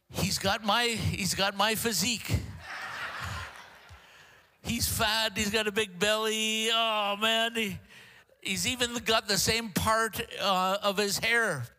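Older man preaching, high and bright. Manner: jokey, self-deprecating asides; halting restarts. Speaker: guest preacher. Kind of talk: sermon.

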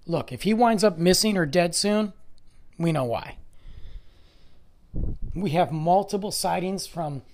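A podcast host in their forties, slightly hoarse from losing their voice, talking in a rambling, speculative and emphatic monologue. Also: medium pitch, measured pace, pauses often. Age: 40s. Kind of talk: casual monologue.

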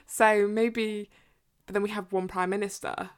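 A woman's voice: medium pitch, little pitch movement, measured pace, clear, resonant tone. A young English woman with an English accent, co-hosting a casual book podcast, chatty, with many fillers and frequent laughter. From England. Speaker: podcast co-host.

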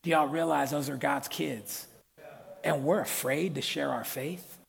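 A middle-aged man preaching a sermon as pastor, lively and conversational, with slang and call-outs to the congregation. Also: a little high, a little slow, gravelly. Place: church hall. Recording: long hall reverb.

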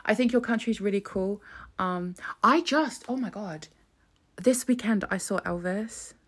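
A woman's voice: medium pitch, measured pace. A young woman hosting a solo podcast, chatty and sweary, rambling with frequent restarts. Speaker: podcast host.

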